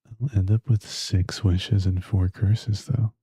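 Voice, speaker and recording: A man's voice: lowish voice, flat delivery, takes it slowly, mellow, breathy edge, no room sound. A man streaming a game and chatting with viewers, crude and teasing. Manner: crude, teasing banter with chat. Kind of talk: casual gaming stream chat. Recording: dull lo-fi stream audio.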